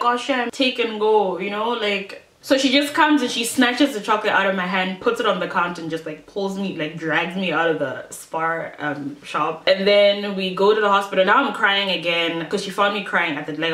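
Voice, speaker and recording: A young woman from Malawi telling a storytime vlog, animated and chatty, talking to her viewers and acting out what people said in a higher voice. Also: echoey room. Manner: animated, many asides to viewers, acts out quotes in a higher voice. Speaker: YouTuber.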